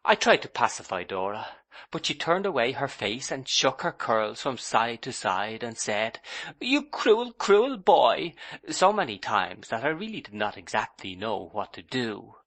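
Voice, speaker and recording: A man's voice: on the low side, animated, moderate pace, pushed and bright. A man narrating a classic novel as an audiobook in the first person, telling the scene expressively. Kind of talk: scripted narration.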